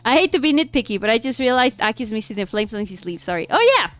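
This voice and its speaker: Drawing on a stream, this young woman from Mexico talks casually in a Mexican accent, giggly and bubbly, mixing Spanish into her English. Her voice is a little high and a bit bright, fast, with lively intonation.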